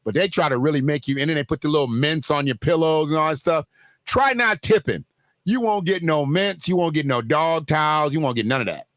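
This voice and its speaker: A man hosts a casual livestream, riffing in a loose, joking way and addressing his viewers directly. His voice sits a little high for a man. It is recorded dry and close, with no room sound. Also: fairly quick, fairly bright tone, dry recording. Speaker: livestream host.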